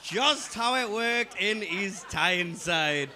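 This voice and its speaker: A man's voice: sits high, animated, slow pace, bright, forceful tone, a little hiss or hum. A young Englishman with a Geordie accent doing a live stand-up set. He chats straight to the audience and punches up his lines. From England. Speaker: stand-up comedian.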